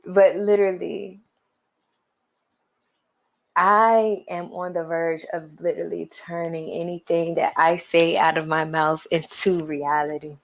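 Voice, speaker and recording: A woman hosting her own podcast, giving motivational talk with drawn-out, emphatic pauses and colloquial phrasing. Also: fairly low pitch, little pitch movement, vocal fry. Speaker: podcast host.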